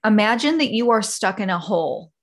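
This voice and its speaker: A woman's voice: mid-range voice, lively intonation, brisk. A woman hosting a solo podcast, talking casually and rambling, with many fillers and acted-out examples. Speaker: podcast host.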